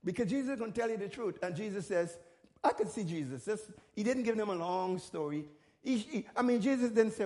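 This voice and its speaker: A man's voice: high voice, lively intonation, brisk, dark tone. A middle-aged male pastor preaching a sermon, repeating phrases and checking in with the congregation. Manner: repeats words in restarts, calls out to the congregation.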